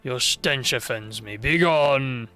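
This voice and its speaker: A streamer voicing a proud, bitter ancient dragon in slow, grave, archaic speech. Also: mid-range voice, bright, forceful tone, soft background music, voice pushed down. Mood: grave scorn.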